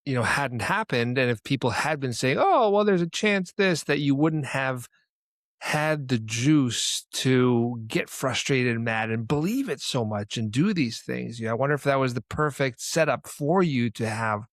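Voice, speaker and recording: Male podcast host, mid-pitched, reflective questions, dry close mic. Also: normal speed, a bit bright, no echo. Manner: reflective, thinks aloud while asking, with brief affirmations. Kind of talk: casual interview.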